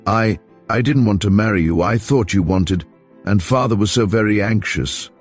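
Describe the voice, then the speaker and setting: A man's voice: lowish voice, moderate pace, soft background music, natural voice. A man voicing a frightened young bride who turns indignant, in an audiobook reading. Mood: pleading. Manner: trembling, indignant. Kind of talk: audiobook character voice.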